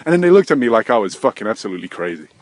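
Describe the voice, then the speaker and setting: A man in his thirties hosting a rambling solo podcast, swearing constantly, drifting between low mutters and sudden loud outbursts. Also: sing-song, rapid-fire, noisy background. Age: 30s. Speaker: podcast host. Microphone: desk microphone.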